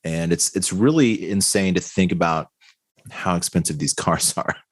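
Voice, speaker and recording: Man, podcast co-host, very low voice, casual chatty banter, dry close sound. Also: moderate pace, no room sound. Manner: relaxed and chatty, says "dude" and "like" a lot. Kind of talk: casual chat.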